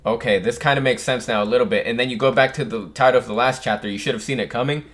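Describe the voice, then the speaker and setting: A young man hosting a manga reaction, muttering through the pages and breaking into loud, surprised exclamations. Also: medium pitch, racing, hardly any pauses. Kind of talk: reading aloud and reacting.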